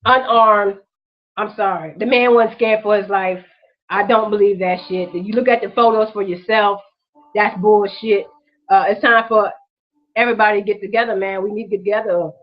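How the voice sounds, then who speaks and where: A woman's voice: mid-range voice, fairly even intonation, normal speed, dull audio. A woman hosting her own vlog, ranting with raw emotion, profane and repetitive, while holding back tears. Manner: profane, repetitive, impassioned street-talk rant. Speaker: vlog host.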